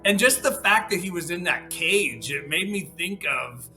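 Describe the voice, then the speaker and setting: Chatty host with a bright, forceful voice. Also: female voice, fairly low pitch, expressive, moderate pace, soft background music, low-quality recording. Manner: chatty, hesitant, many restarts and fillers. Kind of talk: casual interview chat.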